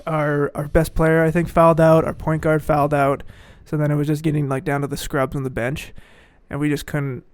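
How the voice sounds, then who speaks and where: A young man telling a sports story on a podcast in a casual, animated way, laughing often and acting out what people said. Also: fairly high pitch, brisk, few pauses, smooth, no room sound.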